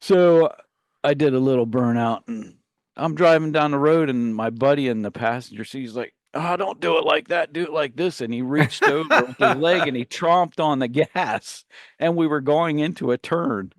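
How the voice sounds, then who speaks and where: Man, radio co-host, rambling profane storytelling, middle pitch, dry studio sound. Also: normal speed, no room sound. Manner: rambling anecdote with profanity, acts out yelling relatives. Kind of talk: casual storytelling banter.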